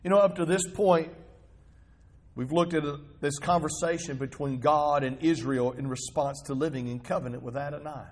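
A man's voice: on the high side, moderate pace. A male pastor giving a sermon in a conversational, storytelling manner, asking the congregation rhetorical questions.

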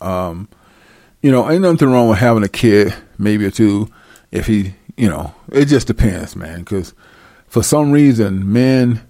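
A man's voice: fairly low pitch, expressive, unhurried, dark tone, no room sound, clean studio sound. A man ranting comedically to his viewers, profane and slangy, breaking into laughter often. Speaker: commentator. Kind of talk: comedic rant to camera.

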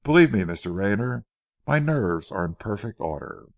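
A man reading as a calm, persistent corporal. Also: lowish voice, vocal fry, no room sound, clean studio sound, full character voice. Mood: steady. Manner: quiet, measured, deliberate.

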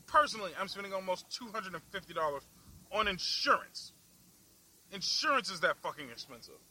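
Young male vlogger, high, very bright and forceful voice, profane angry rant recorded in a car with faint road noise. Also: poor audio. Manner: angry, foul-mouthed, laughing at himself. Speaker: vlog host. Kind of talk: profane ranting while driving. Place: in a car in the city.

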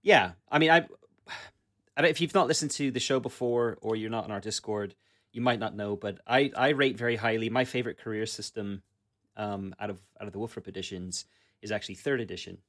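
A man's voice: lowish voice, brisk, fairly bright tone. A man co-hosting a tabletop gaming podcast, chatting casually with lots of fillers and restarts. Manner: rambling, many fillers and restarts. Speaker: podcast co-host. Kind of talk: casual chat about tabletop games.

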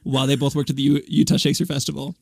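A young man co-hosting a podcast in a playful, chatty way with quick asides. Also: medium pitch, completely flat delivery, vocal fry, no room sound. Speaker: podcast co-host. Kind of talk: casual chat.

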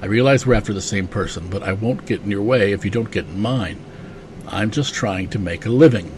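A man reading comic dialogue aloud as a gruff, businesslike male bounty hunter, quiet and flat. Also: lowish voice, fairly quick, noisy background, natural voice.

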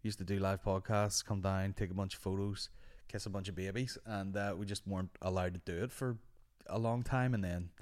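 A young man hosting a podcast, telling a casual, animated and sweary story. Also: deep voice, a little fast. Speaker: podcast host.

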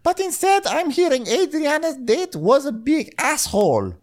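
A man voicing a brash woman who speaks broken English, with slow and emphatic delivery. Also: sits high, big pitch swings, voice pushed up. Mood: defiant.

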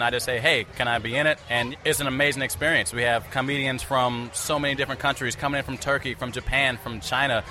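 A man's voice: mid-range voice, bright, forceful tone. A man from California in a casual interview, talking about being a comedian in an upbeat, confident way.

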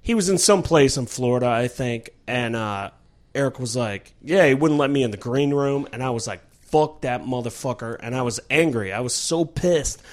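A man's voice: medium pitch, normal speed. A man, a comedian, in casual green room chat, complaining wryly and swearing freely. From Cleveland, Ohio. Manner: animated, swearing, wry complaints.

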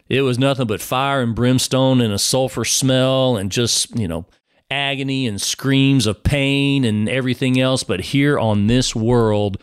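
A man's voice: mid-range voice, smooth, no room sound, clean studio sound. Earnest man giving a testimony. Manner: earnest, addressing listener as brother. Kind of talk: personal testimony sermon.

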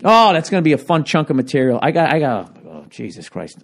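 A man, a stand-up comedian, talking alone into a handheld recorder for his podcast. He swears constantly, rants in a lively way, and his voice is still cracking. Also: fairly high pitch, quick pace. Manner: profane, ranting, animated. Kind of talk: solo podcast monologue.

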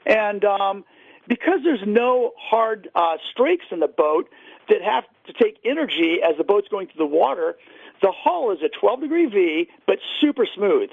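High gravelly man on a phone line. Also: expressive, a little slow, dry recording. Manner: enthusiastic storyteller, many fillers. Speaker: fishing guide and boat seller. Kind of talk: casual radio interview. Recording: dry, tinny phone line.

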